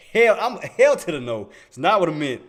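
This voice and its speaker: A man hosting a live day-trading stream, talking casually to his chat in slang and laughing often. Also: sits high.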